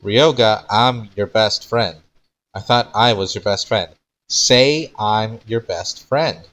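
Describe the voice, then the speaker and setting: A man's voice: fairly low pitch, fairly even intonation, moderate pace, sharp tone. A man voicing a brash, scheming young man who pushes his best friend around. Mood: pleading. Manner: emphatic, insistent.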